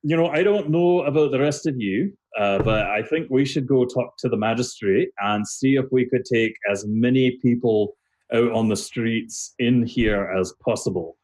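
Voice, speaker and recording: A man's voice: medium pitch, moderate pace, a little mellow, pitched above the performer's own voice, lightly acted, poor audio. A man voicing an earnest male dwarf adventurer who hesitates with many ums and uhs.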